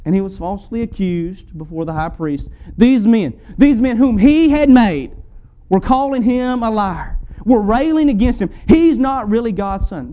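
A man's voice: high-pitched, warm tone, lo-fi sound. A man preaching a sermon to his congregation, building through repeated rhetorical questions. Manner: rhetorical, repeated questions with rising and falling intensity.

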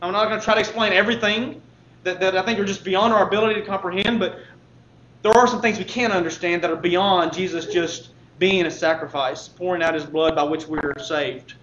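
A man's voice: high voice, fairly even intonation, a little fast, fairly bright tone, lo-fi sound, slight background noise. A man preaching a sermon, building with repetition into fervent, impassioned appeals.

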